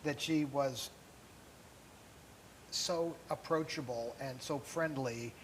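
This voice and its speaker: A man's voice: medium pitch, slow pace, a little hiss or hum, poor audio. A man co-hosting a casual interview, talking in a conversational, rambling way with filler words. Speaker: co-host.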